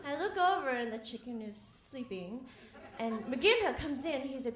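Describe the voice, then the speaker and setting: Performing live on a theater stage, a young woman with a high-pitched, animated, fairly bright voice tells a wry story that pokes fun at herself, laughing frequently at a normal speed. The recording carries the roomy feel and faint ambience of a live hall in front of an audience.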